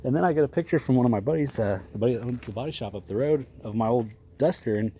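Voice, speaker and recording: A man's voice: mid-range voice, rapid-fire, warm tone, slightly rough. A man, telling a casual, profane, rambling story about old cars. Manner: profane, rambling, laughs often. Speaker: garage vlogger.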